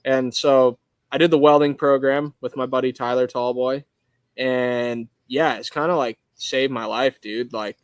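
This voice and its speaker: A man's voice: mid-range voice, fairly even intonation, measured pace, smooth, no echo. Laid-back Arizona man on a video call. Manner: laid-back, rambling, filler-heavy talk. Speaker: podcast guest, welding shop owner. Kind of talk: casual interview chat. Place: his welding shop.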